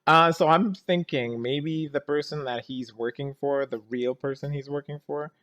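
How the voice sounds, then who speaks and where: A man's voice: fairly high pitch, fairly bright tone, lo-fi sound. An exasperated man ranting through a movie. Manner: exasperated, rambling, quick to groan and laugh; keeps restarting and saying "anyways, let's keep going". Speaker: movie reaction vlogger. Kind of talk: casual movie reaction commentary.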